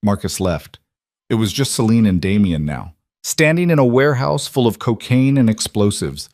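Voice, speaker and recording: A man narrating a dark crime story in a steady, grave, scripted manner. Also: on the low side, normal speed, dry recording, clean studio sound.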